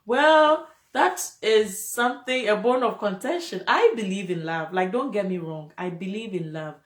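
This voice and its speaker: Emotional and a bit preachy, a female live-stream host keeps her talk casual and laughs a lot. She speaks at a moderate pace in a mid-range voice, recorded in an echoey room.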